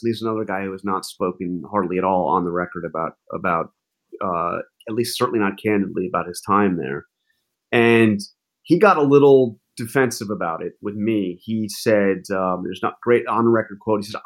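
A man's voice: on the low side, fairly quick. A man, a journalist guest in an interview, telling stories animatedly with frequent restarts. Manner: animated, with many restarts and fillers. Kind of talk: casual interview storytelling.

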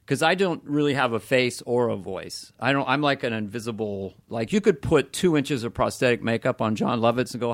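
A man in his sixties, a comedian guest chatting casually on a podcast, animated and slipping into voices as he talks. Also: medium pitch, fairly quick, hardly any pauses, no room sound.

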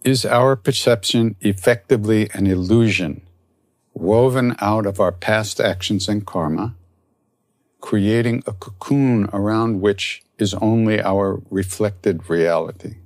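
A man, a spiritual teacher, telling a story and then reflecting softly on spiritual practice. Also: fairly low pitch, unhurried, no echo. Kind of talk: storytelling talk.

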